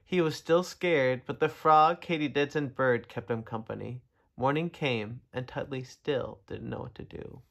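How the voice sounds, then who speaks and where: A man reading a children's story aloud, gentle and expressive, talking to young listeners. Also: mid-range voice, unhurried, gravelly, slight background noise. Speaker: storybook reader.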